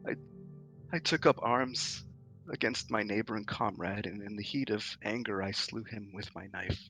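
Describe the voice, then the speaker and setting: A man voicing a terrified young man in his twenties, speaking in a trembling, hushed voice. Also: lowish voice, moderate pace, faint music behind, poor audio. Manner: trembling, barely audible, near a whisper.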